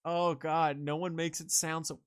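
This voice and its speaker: A man with a somewhat higher voice co-hosting a casual movie podcast. He rants in disbelief about what bugs him, swearing now and then. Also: flat delivery, normal speed, clean tone. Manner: exasperated, incredulous ranting with swearing. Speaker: podcast co-host. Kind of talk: casual film discussion.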